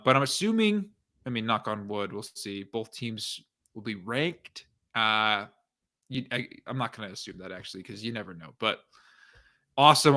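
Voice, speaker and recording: A young man co-hosting a casual sports podcast, laid-back and quick to laugh. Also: mid-range voice, fairly bright tone. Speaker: podcast co-host.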